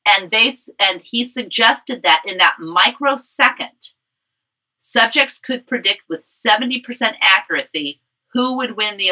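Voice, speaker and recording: A woman's voice: mid-range voice, pushed and bright, low-quality recording. A woman hosting a podcast who chats casually, asking questions and teasing her co-host. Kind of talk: casual chat.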